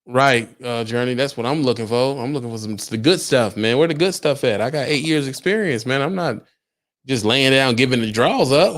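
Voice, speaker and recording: A man's voice: medium pitch, normal speed, a bit bright. A young adult man, a truck driver, talking casually on a livestream, firing emphatic rhetorical questions at his viewers.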